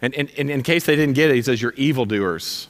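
A man's voice: a little high, steady tone, rapid-fire, a bit bright, big-room sound. A man preaching a sermon as pastor in a church, direct and emphatic, repeating his commands for force. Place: church sanctuary.

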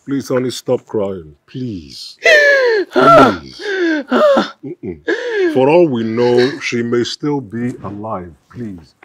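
A man's voice: medium pitch, wildly swooping pitch, very slow, fairly bright tone, husky, heavily acted. An actor playing a husband who comforts his grieving wife, speaking in a soothing, pleading and reassuring way. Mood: consoling. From Nigeria. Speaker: actor in a film. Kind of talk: film drama acting.

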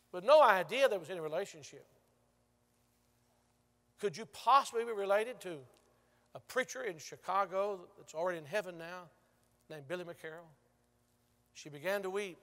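A male pastor preaching a sermon, telling stories and moving from loud to hushed. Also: high-pitched. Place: large church sanctuary. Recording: long church reverb.

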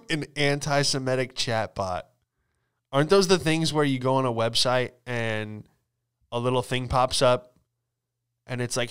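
A man's voice: medium pitch, measured pace, long pauses, a bit bright, clean tone. A man hosting a comedy podcast, riffing and joking loosely about news, profane and laughing often. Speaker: podcast host. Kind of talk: casual comedic chat.

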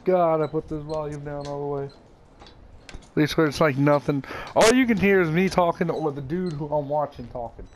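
A young man playing a horror game and talking through it, jumpy and excitable, with frequent swearing. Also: on the high side, moderate pace, a little hiss or hum. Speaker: gaming YouTuber.

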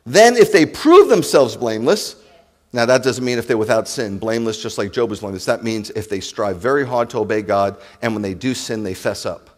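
Brief: New rabbi, lively and jokey sermon delivery, talks right at the congregation. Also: male voice, medium pitch, a little fast. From New York. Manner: animated, joking, addresses the congregation directly.

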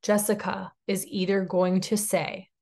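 This Tennessee woman in her thirties leads a network marketing team and delivers an upbeat, conversational sales training, frequently asking "okay?" Her medium-pitched voice is creaky and a little mellow, with little pitch movement and an unhurried pace.

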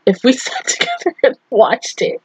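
A young woman's high, slightly rough voice swings hugely in pitch at a normal speed as she reviews an anime casually and emotionally. She swears frequently, laughs between words, and is on the verge of tears at times. The recording is rough, with no echo.

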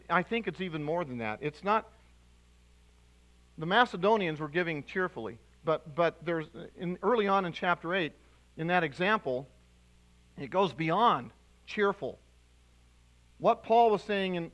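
A male pastor preaching a sermon to his congregation, animated and emphatic, with restarts and sudden loud bursts. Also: high-pitched, poor audio. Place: church sanctuary.

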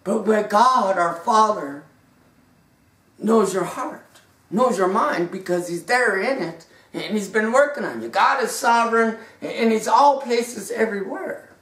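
A woman's voice: mid-range voice, unhurried, a bit bright. Woman preaching, fervent, stammers a lot, far from the mic in an echoey room. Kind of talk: sermon.

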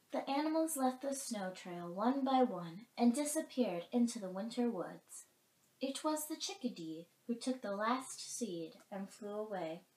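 A woman narrating a picture book aloud in a gentle, animated way, adding her own remarks between the lines. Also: fairly high pitch. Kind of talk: storybook read-aloud with commentary. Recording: roomy echo.

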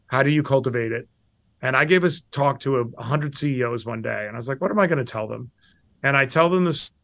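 This is a middle-aged man talking as a guest on an interview show. He tells candid stories about himself and acts out quotes with big swings in pitch. The sound is close and dry. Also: gravelly, fairly bright tone, no echo. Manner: candid and self-deprecating. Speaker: guest investor. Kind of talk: storytelling interview answers.

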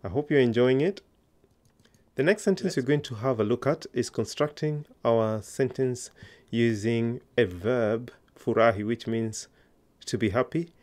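A man's voice: medium pitch, a little mellow. A man teaching an online language lesson, patiently coaxing learners to answer aloud.

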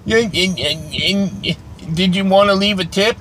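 A man's voice: high-pitched, slow, fairly bright tone, a little hiss or hum. A man delivering an angry, profane comedic rant as a vlogger, exasperated and swearing.

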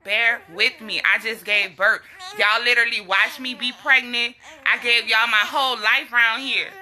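A young woman, talking bluntly and casually to her followers, animated and quick to laugh. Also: fairly high pitch. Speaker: herbal health vlogger. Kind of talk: casual straight-talking live chat.

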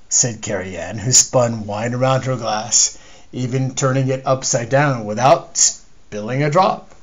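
A man reading his own novel aloud in measured, steady storytelling. His voice sits in an ordinary middle register for a man, and he narrates at an even pace. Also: medium pitch, rough recording. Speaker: author. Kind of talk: scripted narration.

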